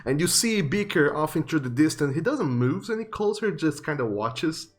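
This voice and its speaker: A man's voice: a little high, lively intonation, moderate pace, faint music behind. A man narrating as game master in a tabletop game, casual and loose, with plenty of fillers.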